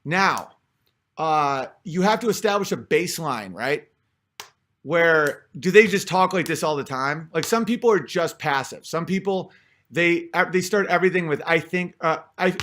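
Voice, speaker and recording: A man's voice: a little high, expressive, normal speed, a bit bright. A man talking in a casual spoken monologue, rambling with many fillers and restarts.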